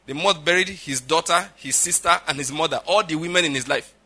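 A man's voice: on the high side, fairly quick, sharp tone. A middle-aged man preaching a sermon as pastor, emphatic and often checking with his listeners. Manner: emphatic, repeats "all right?" and "do you understand?" to the audience.

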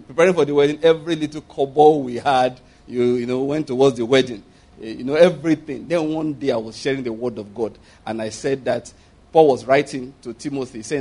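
A man's voice: on the high side, a little mellow. A middle-aged man with a Nigerian accent preaching a sermon in a conversational, emphatic way, often repeating himself. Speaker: pastor.

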